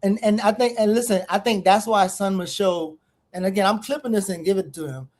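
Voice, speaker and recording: A co-host, telling stories animatedly in casual chat. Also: medium pitch. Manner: animated storyteller, quick asides.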